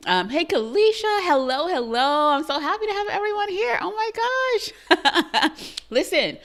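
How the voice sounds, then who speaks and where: A woman's voice: extremely high pitch, sing-song, unhurried, a bit bright. A woman with a Trinidadian accent hosting a live-streamed talk show, bubbly, laughing often and greeting her viewers by name. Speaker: livestream show host.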